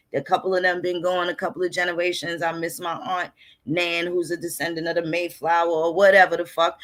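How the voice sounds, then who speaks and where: Woman, blunt, profane, casual history talk, conversational. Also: fairly low pitch. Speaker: history channel host. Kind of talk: casual lecture over on-screen records.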